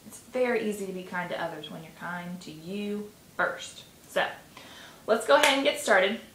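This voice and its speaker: A woman guiding a tapping session, coaching gently and sighing between slow repeat-after-me phrases. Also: medium pitch, animated. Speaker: tapping guide. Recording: echoey room with faint noise.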